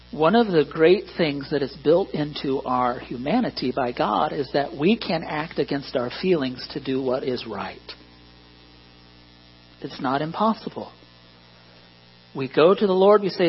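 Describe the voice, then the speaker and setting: A pastor delivering a sermon in an earnest way, rising to emphatic points and dropping to quiet asides. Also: male voice, on the high side, slightly rough. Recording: dull lo-fi recording with mains hum.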